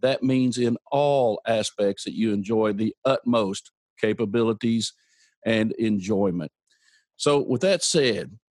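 A man's voice: medium pitch, darkish tone, no echo. A man hosting a podcast, speaking in an upbeat, encouraging and playful motivational tone. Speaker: podcast host. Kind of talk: motivational interview talk.

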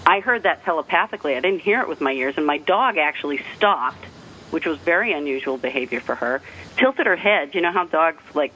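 Bright-voiced man calling in on the phone. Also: a little high, expressive, a little fast, slight background noise. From New Hampshire, northeastern US. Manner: rambling, with many restarts and light laughs. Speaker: caller. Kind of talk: telling a personal story on a call-in show. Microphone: telephone. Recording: tinny phone line.

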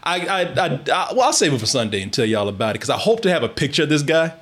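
A man's voice: fairly high pitch, sing-song, fast, a bit bright. A man telling a story in casual chat, swearing often, laughing a lot and restarting his sentences.

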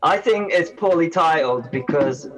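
A man's voice: a little high, expressive, unhurried, rough recording. A man, chatting on a podcast. He rambles through his points and keeps restarting his sentences. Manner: rambling, self-interrupting. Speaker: guest reviewer. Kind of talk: casual podcast chat.

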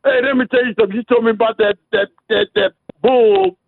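Man calling in, high gravelly voice, rambling fan, phone line. Brief: excitable repetitive caller. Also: fast talker. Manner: rambling, repeats words. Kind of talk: excited call-in banter. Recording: dry tinny phone line.

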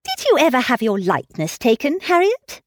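A woman voicing a lively, self-assured young lady, bright and animated in tone. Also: high-pitched, moderate pace, dry recording, studio quality, voice pushed up, exaggerated voice. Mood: gracious. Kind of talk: audiobook character reading.

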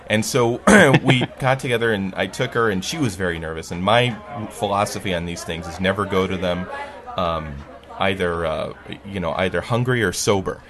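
A man's voice: low-pitched, moderate pace, a bit bright. A man telling a story in a casual podcast chat, in a snarky, wry way, laughing often.

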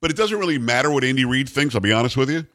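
A man's voice: medium pitch, expressive, racing, fairly bright tone. A middle-aged man hosting a talk show, delivering a blunt, emphatic, repetitive opinion monologue. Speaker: radio talk show host. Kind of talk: opinionated monologue on sports news.

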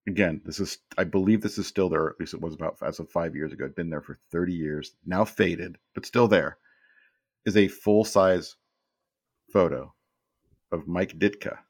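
A man in his fifties with a deep, low voice tells stories as an interview guest. He rambles, restarts and repeats words, and he sounds close and dry, with no room around him. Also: normal speed, slightly rough, no echo. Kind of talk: casual storytelling in an interview.

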